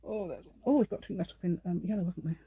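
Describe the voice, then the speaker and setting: Rapid-fire and warm, her voice on the low side, a craft channel host chats through a homey tutorial at her craft table, wondering aloud and asking viewers questions. There's a slight hiss of background noise.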